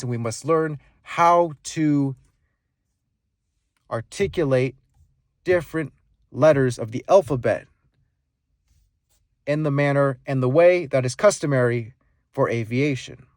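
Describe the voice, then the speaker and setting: A man teaching speaking skills, demonstrating volume, pitch and pauses as he explains them. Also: a little mellow, dry recording, studio quality. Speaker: speaking coach. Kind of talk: instructional monologue with live demonstrations.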